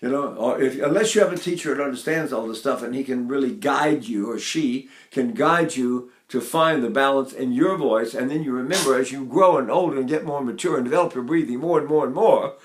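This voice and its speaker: A man's voice: mid-range voice, a little fast, few pauses, echoey room. A man in his eighties giving an informal voice lesson, rambling a little and breaking into short sung demonstrations. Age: 80s. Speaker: voice teacher.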